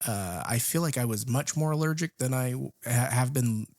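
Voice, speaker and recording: A man's voice: mid-range voice, moderate pace, no room sound, clean studio sound. A man co-hosting a film podcast, talking casually and hesitantly, with frequent ums as he tells stories. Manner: hesitant, many ums, relaxed storyteller. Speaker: podcast co-host.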